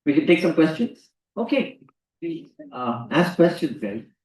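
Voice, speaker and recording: A man's voice: fairly high pitch, big pitch swings, measured pace, darkish tone. A man giving an emphatic lecture to students, often repeating key phrases. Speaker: guest lecturer. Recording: roomy hall, distant mic.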